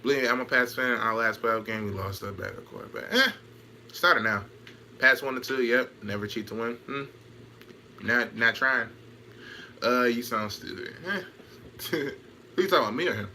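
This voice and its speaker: A man's voice: medium pitch, normal speed, long pauses, pushed and bright, slight background noise. A man in casual chat on a stream, trash-talking, laughing and repeating himself while answering comments.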